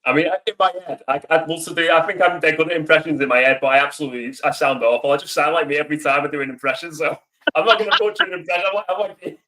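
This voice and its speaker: Guest man, slightly high voice, rambling and self-mocking, casual livestream. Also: steady tone, rapid-fire, noisy background. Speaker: guest podcaster.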